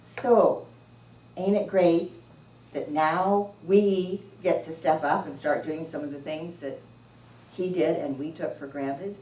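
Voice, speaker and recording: A woman giving an informal sermon in a church, unhurried and anecdotal, often chuckling as she tells stories. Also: low voice, steady tone, warm tone. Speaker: church speaker. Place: church sanctuary. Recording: echoey room, distant mic, faint noise.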